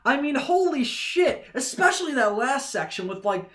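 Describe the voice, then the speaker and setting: An excitable young man rambling through casual fan commentary on a vlog. He swears freely, trails off into fillers, and keeps circling back to the same point. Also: very high-pitched, normal speed. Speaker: vlogger.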